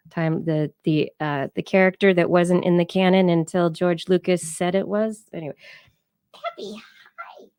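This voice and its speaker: A woman's voice: on the low side, gravelly, a little mellow, no echo, studio quality. A woman co-hosting a live science podcast stream, chatting casually and laughing often. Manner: chatty, laughs often, talks to her cats and chat. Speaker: podcast co-host.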